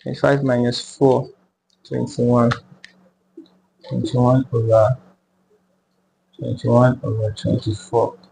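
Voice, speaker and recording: Guy explaining trig slow and careful, really gravelly low-key voice, says numbers twice, bit of hiss. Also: little pitch movement, a little mellow, poor audio. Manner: slow and deliberate, repeats numbers aloud. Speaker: math teacher. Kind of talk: step-by-step math tutorial.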